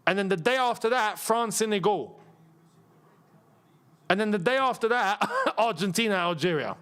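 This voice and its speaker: A man hosting a live football watchalong, chatty and rambling, with excitable bursts at the match action. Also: high voice, moderate pace, smooth. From England. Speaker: football channel host.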